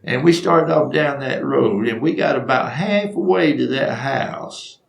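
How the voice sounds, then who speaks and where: Animated but a little slow, a medium-pitched older man with vocal fry tells comic stories about his life in a reverberant recording. His style is folksy; he mimics the voices of the people involved and laughs at his own tales.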